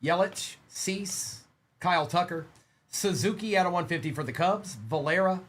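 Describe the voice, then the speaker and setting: An upbeat, chatty man hosts a live-stream card break. His voice sits a touch high as he greets viewers and rattles off player names in quick succession while ripping packs. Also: fairly bright tone.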